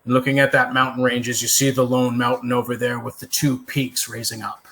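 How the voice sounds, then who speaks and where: A man's voice: mid-range voice, little pitch movement, brisk, a bit bright, natural voice. A man voicing a blunt, plain-spoken male army colonel in a tabletop game. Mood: matter-of-fact. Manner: plain-spoken, matter-of-fact.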